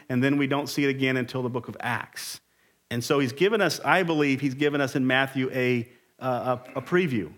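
A man's voice: mid-range voice, fairly bright tone. A man preaching a Sunday morning sermon as pastor, emphatic and rising in intensity.

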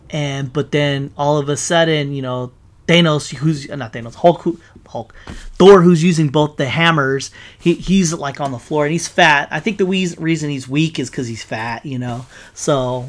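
Hyped guy ranting about a movie fight, swears constantly, trips over his words and backtracks. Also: on the high side. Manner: excitable, rambling, heavy swearing; frequent self-corrections and fillers. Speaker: vlogger. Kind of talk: casual movie recap.

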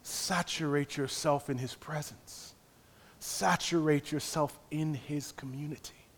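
Man, pastor, sermon, high-pitched, repetitive rhythmic phrasing, hushed to loud. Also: steady tone, measured pace, slightly rough. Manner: swings from hushed near-whispers to loud impassioned exclamations; preaches in repeated rhythmic phrases.

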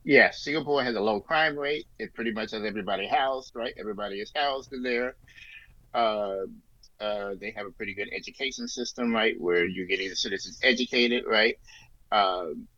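Rambling low-voiced man, lo-fi. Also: moderate pace, pushed and bright, dry recording. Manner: rambling, many fillers and restarts. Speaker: podcast co-host. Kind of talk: casual political discussion. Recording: dull lo-fi sound, dry.

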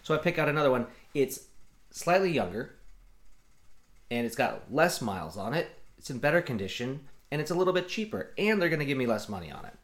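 A man's voice: medium pitch, sing-song, brisk. A man telling a story in casual chat, profane and exasperated as he acts out both sides of phone calls.

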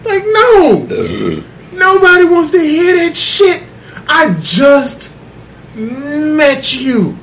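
A man co-hosting a podcast in casual chat, animated and profane, laughing often. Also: very high-pitched, a little hiss or hum. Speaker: podcast co-host.

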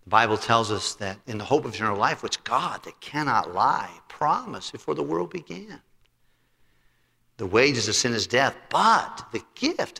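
Gravelly, bright-voiced man preaching. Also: medium pitch. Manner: animated, acts out both sides of a conversation. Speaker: pastor. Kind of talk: sermon storytelling. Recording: long hall reverb.

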